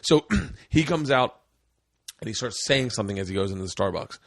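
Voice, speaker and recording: A middle-aged man hosting a podcast in casual chat, telling stories with lots of swearing and loud acted-out quotes. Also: fairly low pitch, fairly quick, dry recording, studio quality. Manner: profane, animated storyteller, acts out quotes with sudden loud jumps. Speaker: podcast host.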